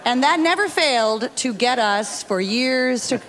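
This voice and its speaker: A woman's voice: on the high side, fairly bright tone, a little hiss or hum. A woman performing comic banter and telling jokes in a live radio stage show, playful and teasing, laughing often. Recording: live theater with long reverb.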